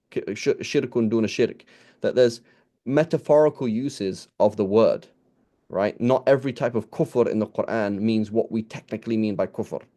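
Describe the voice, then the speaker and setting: Relaxed low-voiced man teaching. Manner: conversational, many restarts and "right?" checks; quotes Arabic phrases. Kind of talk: informal Quran lesson.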